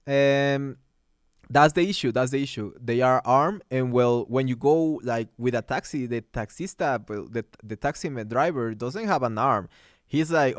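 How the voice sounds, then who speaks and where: A young man hosting a livestream, chatting casually and answering comments in halting English with many restarts. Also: medium pitch, dry recording, clean studio sound. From Mexico. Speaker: livestream host.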